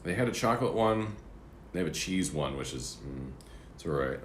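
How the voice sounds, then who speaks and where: A man's voice: sits low, lively intonation, normal speed, a little hiss or hum. A man livestreaming from his apartment room, chatting casually and rambling while he eats breakfast. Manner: rambling, chatty, eating between words. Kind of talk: casual chat. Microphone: streaming setup. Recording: roomy apartment echo.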